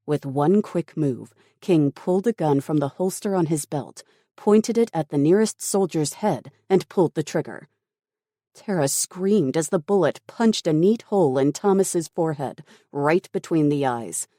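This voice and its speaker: Casting: slow, mellow-voiced thriller narrator, dry close sound. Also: mid-range voice, animated, dry recording. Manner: measured, dramatic storytelling. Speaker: audiobook narrator. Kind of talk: scripted audiobook narration.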